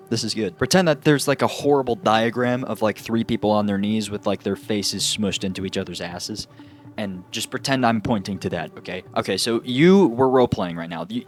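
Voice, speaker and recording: A young man giving a casual, joking movie review, rambling and saying "like" a lot. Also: on the low side. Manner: rambling, joking, heavy use of filler "like".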